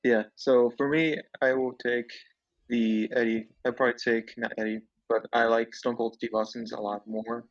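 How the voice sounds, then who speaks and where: A man's voice: mid-range voice, flat delivery, moderate pace, recorded from a distance, lo-fi sound. A man in a casual podcast debate, arguing insistently and rambling through his points. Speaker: co-host debating wrestlers.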